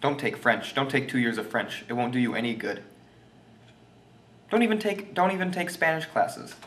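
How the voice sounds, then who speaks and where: A young man giving a jokey, mock language lesson, goofy and deliberate and unsure of his own facts. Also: medium pitch, sing-song, a bit bright. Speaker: self-styled language teacher. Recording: roomy echo.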